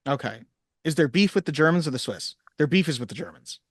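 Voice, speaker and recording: A man's voice: fairly high pitch, animated, fast talker, no echo, clean studio sound. A man co-hosting a podcast, chatting casually about a movie, rambling through asides and laughing easily. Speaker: podcast co-host.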